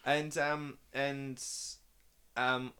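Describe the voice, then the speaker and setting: A young man hosting a casual film chat, rambling with fillers and restarts and bursting into excited impressions. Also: medium pitch, extremely slow, smooth. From Northeast England. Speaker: podcast host.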